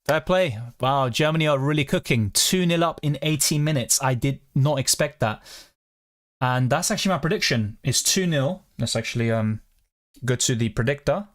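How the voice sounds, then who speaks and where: A man's voice: mid-range voice, moderate pace. A man, streaming from home as a fantasy football host, chatting casually, reading viewer comments and swearing freely. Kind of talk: casual live-stream chat.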